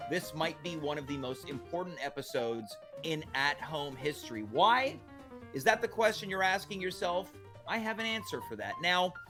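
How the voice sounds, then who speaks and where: A man hosting a comedic talk show, playful, with big announcer-style build-ups. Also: fairly high pitch. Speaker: host.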